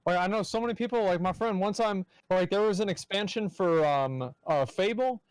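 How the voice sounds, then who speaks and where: A young man with a high voice rambles through anecdotes on a podcast, stringing his thoughts together with likes. The sound is dry and close. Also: fairly quick, clear, resonant tone, no echo, rough recording. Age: young adult. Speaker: podcast guest. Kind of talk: casual podcast chat.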